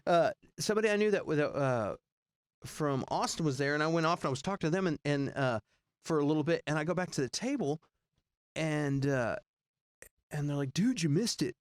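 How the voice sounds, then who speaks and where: Animated man telling road stories. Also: brisk, clean tone, dry recording, studio quality. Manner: rambling, animated, acts out quoted voices high. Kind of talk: casual storytelling chat.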